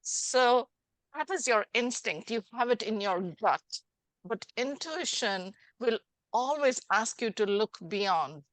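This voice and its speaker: A woman life coach hosting a conversational interview, animated and acting out little scenes as she explains. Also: a little high, slow, no room sound. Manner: animated, acts out little scenes with changing voices. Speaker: life coach and podcast host.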